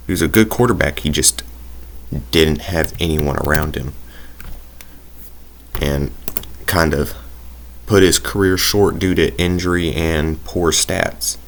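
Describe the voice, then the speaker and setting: A man's voice: rumbling low, a little hiss or hum. A young man casually commentating his own football video game play, rambling and hesitant with many fillers. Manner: rambling, hesitant, self-deprecating. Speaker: gaming YouTuber.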